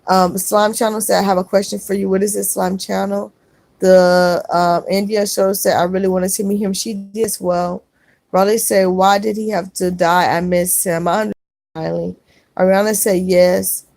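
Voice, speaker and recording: A middle-aged woman on a casual live stream, reading viewer comments aloud and answering each one warmly. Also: mid-range voice, little pitch movement, moderate pace, creaky, no room sound. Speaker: vlogger reading live chat.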